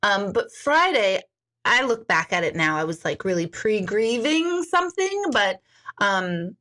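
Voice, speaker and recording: A woman's voice: medium pitch, big pitch swings, measured pace, fairly bright tone. A woman in her forties chatting candidly on a live stream, rambling with many fillers and jumping into exaggerated quoted voices. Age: 40s. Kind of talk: casual live-stream chat.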